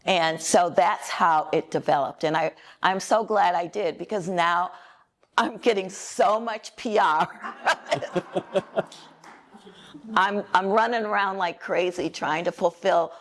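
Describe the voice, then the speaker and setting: An older woman from Minnesota answers questions at a museum talk, speaking very slowly in a slightly low voice. Her voice sounds a little worn and cracks at times. She is chatty and laughs easily between thoughts. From Minnesota, USA. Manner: unhurried, chatty, laughs often. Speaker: author reading and answering questions. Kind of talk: conversational Q&A answers. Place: museum event room.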